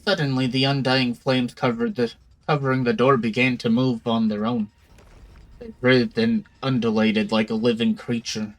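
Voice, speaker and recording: A man's voice: medium pitch, little pitch movement, moderate pace, poor audio. A male streamer reading a visual novel aloud, narrating and reacting with startled questions.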